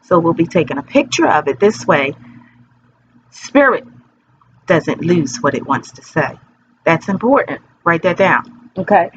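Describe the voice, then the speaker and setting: A woman's voice: fairly low pitch, lively intonation, a little slow, pauses often, dull audio, slight background noise. A woman reading tarot in a casual, playful, rambling chat to her viewers. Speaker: tarot reader.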